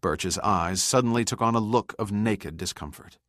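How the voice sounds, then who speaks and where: An American man reads a thriller aloud, his voice very low and steady. The recording is close and dry, with no room sound. He voices the characters in between. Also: dry recording. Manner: measured, even reading with voiced characters. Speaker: audiobook narrator. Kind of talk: scripted thriller narration.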